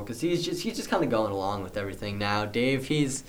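A man's voice: medium pitch, lively intonation, fairly quick. A young man casually improvising a story for a friend, rambling with fillers and restarts.

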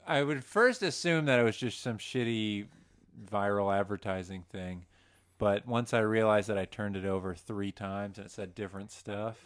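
Low-voiced man, hesitant and rambling. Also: moderate pace. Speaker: podcast guest. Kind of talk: casual chat.

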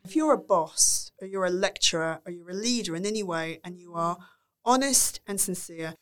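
A woman's voice: lowish voice, moderate pace, smooth. A woman guest in a podcast interview, talking animatedly and acting out the lines of people she describes. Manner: animated, acts out quotes in varied voices. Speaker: guest, former reality TV producer and speaker. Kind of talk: casual interview chat.

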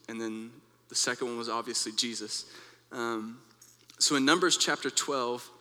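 Bright-voiced young man preaching. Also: mid-range voice, smooth, big-room sound. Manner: earnest, conversational storytelling. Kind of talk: devotional talk with personal story.

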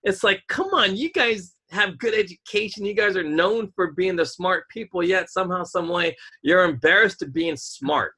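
Bright, emphatic man rambling on a podcast. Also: high-pitched, normal speed, few pauses, husky. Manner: rambling and emphatic, stalls to hunt for words. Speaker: podcast co-host. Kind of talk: casual podcast chat.

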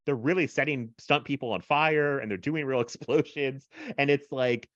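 A man's voice: mid-range voice, normal speed, a bit bright, no room sound, dull audio. A man co-hosting a podcast in casual chat, rambling with lots of fillers and frequent laughs. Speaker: podcast co-host.

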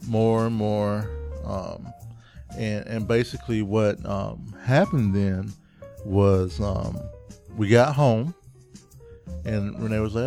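Low-voiced rambling man co-host. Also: unhurried, warm tone, soft background music. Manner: rambling with many fillers and restarts. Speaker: podcast co-host. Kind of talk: casual chat.

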